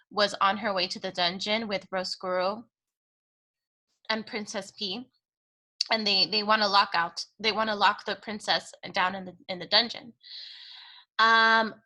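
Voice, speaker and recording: A woman teacher reads a children's novel aloud in a slow, deliberate, expressive way. Her voice sits fairly high and sounds bright and clear. Afterward she explains what happened in the chapter in plain, easy words. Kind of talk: reading a children's book aloud, then explaining.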